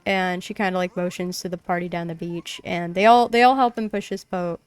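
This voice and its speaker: Her voice sits on the low side, smooth and steady, a little fast, with no room sound and faint music behind. A young woman streaming a game, she casually rambles through a tabletop session recap, full of fillers.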